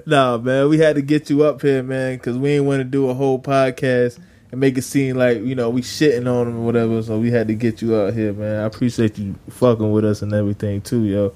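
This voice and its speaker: A man's voice: medium pitch, level tone, a little fast, darkish tone. A man hosting a podcast, easygoing and laughing along as he wraps up the chat. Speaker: podcast host. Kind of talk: casual chat.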